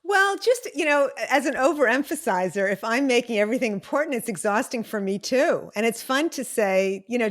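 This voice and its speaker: A woman hosting an interview, enthusiastic and emphatic, laughing easily as she chats. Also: fairly high pitch. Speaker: podcast host. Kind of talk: casual interview chat.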